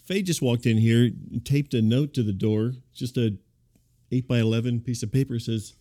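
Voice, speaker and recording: A man hosting a comedy radio show, talking in a calm, deadpan, placating way. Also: mid-range voice, normal speed. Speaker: radio host.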